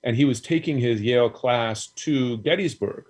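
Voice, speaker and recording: A man of ordinary pitch talking casually as a guest. He rambles a little, with quick asides and fillers, in a relaxed conversational tone. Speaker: guest, news anchor. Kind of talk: casual chat.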